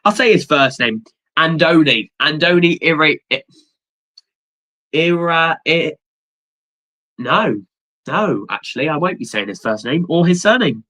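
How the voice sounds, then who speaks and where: A young man hosting a livestream, rambling casually and excitably, swearing now and then. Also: a little high, measured pace, pauses often, rough recording. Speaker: livestream host. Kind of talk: casual watchalong chat.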